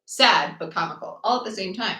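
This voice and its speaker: A woman's voice: mid-range voice, expressive, a little fast, sharp tone. A young woman from New Jersey hosting a live tarot reading in a chatty, blunt, sarcastic way, swearing freely. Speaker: tarot reader, channel host. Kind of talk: live-streamed tarot reading, casual chat. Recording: echoey room.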